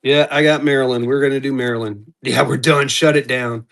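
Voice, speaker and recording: A man's voice: medium pitch, fairly even intonation, fairly quick, vocal fry, fairly bright tone. A man hosting a live-stream auction, chatting casually and calling out bidders as they come in. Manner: upbeat, chatty, calls out bidders.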